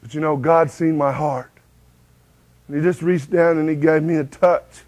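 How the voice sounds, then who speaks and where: A man's voice: on the high side, fairly even intonation, normal speed, a little mellow, low-quality recording. A man giving a folksy testimony sermon, breaking now and then into lines of a hymn. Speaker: preacher giving his testimony.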